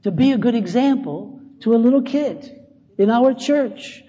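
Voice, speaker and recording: A man's voice: very high-pitched, expressive, measured pace, mellow, slightly rough, in a large hall, dull audio. A middle-aged male pastor preaching a conversational sermon, mixing scripture with self-deprecating asides.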